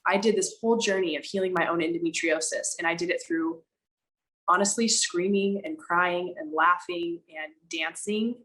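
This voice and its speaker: A woman with a slightly low voice speaks as a podcast guest, telling her story in an animated, emphatic way. She slows down to draw out her key words, then rushes through quick asides, and swears now and then for emphasis. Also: rough recording. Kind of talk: candid conversational storytelling.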